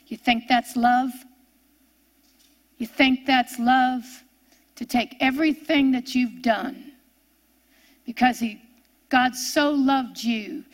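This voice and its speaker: Slow, high, bright-voiced woman preaching. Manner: slow, emphatic, rising to impassioned scripture reading. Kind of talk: sermon.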